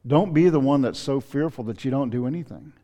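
A man preaching a sermon in an earnest, pleading way, slowing down to stress scripture. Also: medium pitch, dark tone, highs cut off. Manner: earnest, pleading, reads scripture aloud with slow emphasis. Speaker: pastor. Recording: long reverb of a hall.

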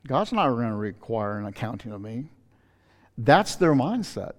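A man preaching a sermon in an earnest, pleading way, slowing down to stress scripture. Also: medium pitch, big pitch swings. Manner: earnest, pleading, reads scripture aloud with slow emphasis. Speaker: pastor. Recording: long reverb of a hall.

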